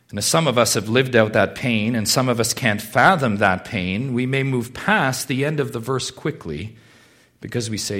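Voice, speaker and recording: A man pastor preaching a sermon in a church, swinging from hushed, low moments to loud, urgent pleading. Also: lively intonation, normal speed.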